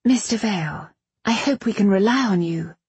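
A woman voicing a commanding, brisk female librarian who gives sharp, dismissive orders. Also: medium pitch, expressive, breathy edge, no echo, pitched above the performer's own voice.

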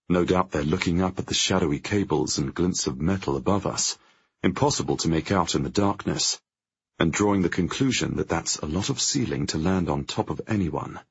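Gravelly, husky man narrating an audiobook. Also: very deep voice, expressive. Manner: tense, measured storytelling. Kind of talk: first-person audiobook narration. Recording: dry, dull lo-fi audio.

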